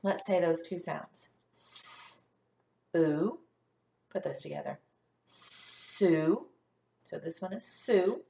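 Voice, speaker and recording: A woman teacher leading a first grade phonics lesson, sounding out letters slowly and praising the class. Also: lowish voice, creaky, mellow. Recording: echoey room.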